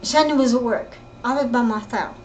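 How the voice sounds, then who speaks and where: An older woman telling her own story in casual, rambling speech, often halting and repeating herself. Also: fairly high pitch, darkish tone, a little hiss or hum, rough recording. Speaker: interviewee recounting her life. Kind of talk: casual spoken reminiscence.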